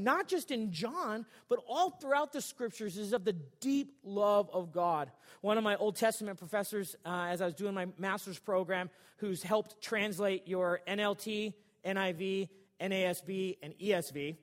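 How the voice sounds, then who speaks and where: A man's voice: high voice, normal speed, hardly any pauses, in a large hall. A male pastor preaching a sermon in a church sanctuary, in a casual, joking, conversational way.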